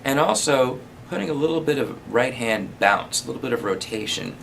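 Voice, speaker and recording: A man giving a relaxed spoken guitar lesson, explaining strumming and counting beats out loud. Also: medium pitch, brisk, creaky, heavy background noise. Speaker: guitar teacher.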